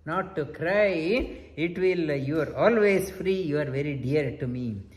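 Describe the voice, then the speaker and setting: Man, high-pitched spiritual teacher, unhurried emphatic scripture talk, long hall reverb. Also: lively intonation. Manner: repeats key phrases emphatically, weaves in Sanskrit terms. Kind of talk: scripture lecture.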